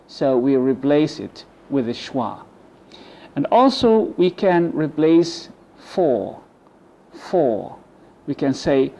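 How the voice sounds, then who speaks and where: A man's voice: lively intonation, mellow. A man with an Egyptian accent teaching English pronunciation, carefully modelling words and letting his voice drop at the ends of phrases. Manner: slow, deliberate model words, drops low at phrase ends. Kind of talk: bilingual pronunciation lesson. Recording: dull lo-fi recording with faint noise.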